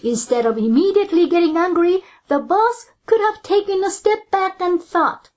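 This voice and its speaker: A woman giving a Buddhist dharma talk, explaining calmly and asking rhetorical questions. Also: very high voice, normal speed, few pauses. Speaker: Buddhist teacher.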